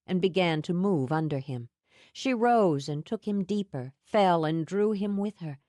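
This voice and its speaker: Warm, low-voiced woman narrating a romance audiobook. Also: lively intonation, unhurried, dry recording, clean studio sound. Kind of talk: scripted narration.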